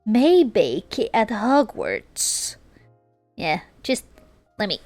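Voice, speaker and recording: Slow-talking amused woman streamer. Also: mid-range voice, huge pitch swings, a little mellow, dry recording, faint music behind. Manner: giggly, amused, teasing asides. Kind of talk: casual stream reading and commentary.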